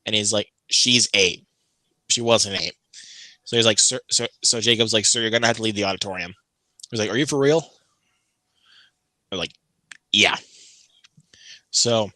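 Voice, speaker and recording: Bright, lively storytelling man. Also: no room sound. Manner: animated, acts out quoted people with big jumps in pitch. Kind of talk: casual storytelling chat.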